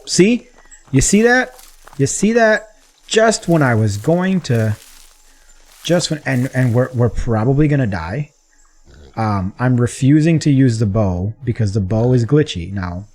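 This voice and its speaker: This is a gaming channel host with a medium-pitched voice, casually narrating his own gameplay. He's chatty and rambling, and now and then he gets excited.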